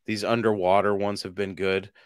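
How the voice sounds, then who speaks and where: A man's voice: lowish voice, level tone, normal speed, smooth, no room sound, studio quality. A man from Washington state co-hosting a podcast, chatting casually and laughing often as he tells stories. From Washington state, USA. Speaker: podcast co-host.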